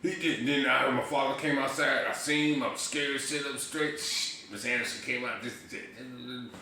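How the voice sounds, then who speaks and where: Brief: middle-aged man, bright, forceful voice, animated profane storyteller, echoey room. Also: mid-range voice, moderate pace, distant mic. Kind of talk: casual storytelling chat. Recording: echoey room with faint noise.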